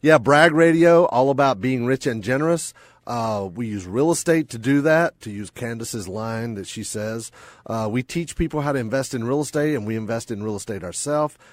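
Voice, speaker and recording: A man's voice: medium pitch, expressive, normal speed, no room sound. Playful, upbeat male radio host. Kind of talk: casual radio banter.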